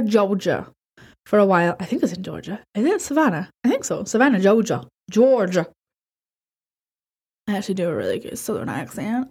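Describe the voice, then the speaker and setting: A woman's voice: mid-range voice, mellow. A woman hosting a podcast, casually reading listener horror stories aloud, stumbling and correcting herself and swearing offhand. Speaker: podcast host.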